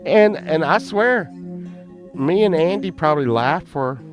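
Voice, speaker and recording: A man's voice: a little high, lively intonation, a little slow, highs cut off. A man telling a story in a rambling, profane way, often laughing at his own tale. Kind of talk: casual storytelling. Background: plucked guitar music.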